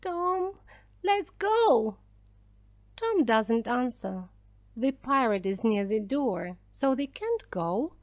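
A woman reading a children's story aloud slowly and clearly for language learners. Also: fairly high pitch, very animated, darkish tone, dry recording. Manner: slow, clear, careful reading. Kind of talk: scripted narration for language learners.

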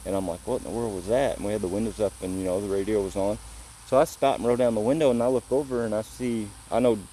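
A man's voice: fairly low pitch, fairly even intonation, fast talker, dark tone, slight background noise, rough recording. A man from Illinois telling a story in a casual way, recounting events through quoted back-and-forth. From Illinois, USA. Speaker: visitor telling what happened to him.

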